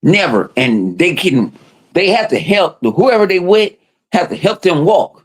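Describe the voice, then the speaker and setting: Speaking at a measured pace in a high voice, a male podcast host tells stories. The chat is casual and lively, with plenty of profanity and voiced quotes.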